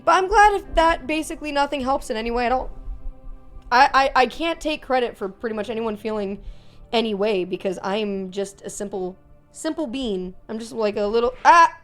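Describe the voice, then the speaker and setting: A woman's voice: a little high, expressive, brisk, soft background music. A young woman streaming from her room at home, chatting casually with viewers, reading chat aloud and joking between giggles.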